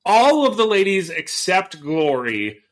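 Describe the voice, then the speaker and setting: A man's voice: high voice, very animated, a little slow. A man co-hosting a podcast, chatting casually as he recaps an episode and acts out quotes in bursts. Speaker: podcast co-host.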